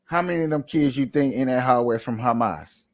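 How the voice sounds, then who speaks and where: A man giving casual, animated commentary on a livestream, firing off repetitive rhetorical questions in heavy slang. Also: medium pitch, fairly quick.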